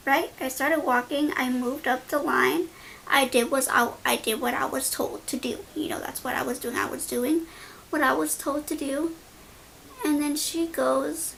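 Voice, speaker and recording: A young woman beauty vlogger telling an animated, slangy story while doing her makeup. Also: high-pitched, creaky, slight background noise. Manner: animated, slangy, dramatic retelling.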